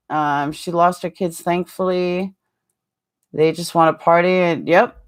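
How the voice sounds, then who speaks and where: A middle-aged woman hosting a casual live-stream chat, rambling and animated, answering viewers with frequent ums and quick asides. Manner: animated, jumps higher when acting out quotes.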